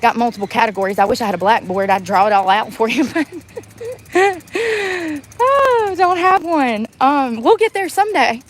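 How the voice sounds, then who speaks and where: A woman's voice: a little high, expressive, moderate pace. A woman ranting bluntly in a casual vlog, laughing often, recorded outdoors in the woods. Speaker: vlogger.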